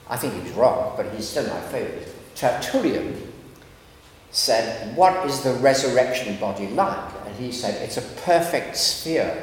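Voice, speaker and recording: A man, a philosopher, giving a lively, wry lecture full of asides. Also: medium pitch. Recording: echoey lecture hall with faint background noise.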